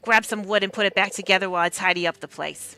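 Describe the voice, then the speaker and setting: A woman's voice: mid-range voice, fairly even intonation, fast, bright, forceful tone, clean tone. A woman reading out the lines of a sarcastic, bossy animal innkeeper from a game, in a near-everyday voice. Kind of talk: reading game dialogue aloud.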